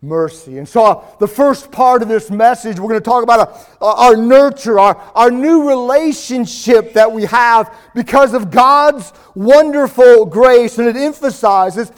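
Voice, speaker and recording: A man's voice: very high voice, unhurried, few pauses, smooth. A male pastor preaching a sermon in a church, building his emphasis as he reads scripture aloud.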